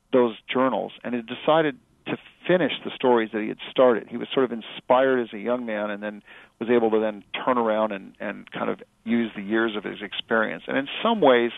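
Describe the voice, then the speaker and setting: A middle-aged male author and journalist answering interview questions in a thoughtful, halting way with many fillers and restarts. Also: medium pitch, creaky, no echo. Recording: dry tinny phone-like radio audio.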